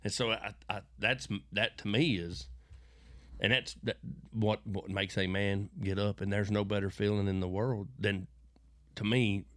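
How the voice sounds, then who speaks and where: A middle-aged man from West Texas, speaking with a West Texas accent, rambles through folksy stories as an interview guest, often restarting and repeating words, with preachy bursts. His lowish, slightly bright voice keeps fairly even intonation at a measured pace. The studio-quality audio has no echo.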